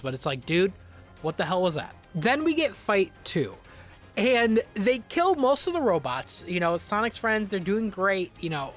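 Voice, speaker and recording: A man giving casual review commentary, exasperated and ranting, swearing freely and often repeating and restarting his words. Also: high voice. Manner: animated, frequent restarts and repetitions. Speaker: video reviewer.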